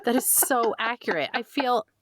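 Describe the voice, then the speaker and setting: An American woman co-hosting a podcast, relaxed and chatty. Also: fairly high pitch, moderate pace, dry recording, clean studio sound. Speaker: podcast co-host. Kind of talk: casual chat.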